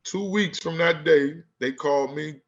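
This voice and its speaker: A Newark, New Jersey man who coaches basketball tells a story in casual conversation, his laid-back street talk full of "you know what I'm saying." His voice runs on the high side and a little slow, and the recording has its highs cut off.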